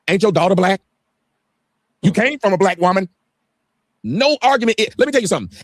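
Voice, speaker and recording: Fast, animated man ranting profanely. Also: high-pitched, no echo, clean studio sound. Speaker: guest on a livestream. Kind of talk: heated livestream talk.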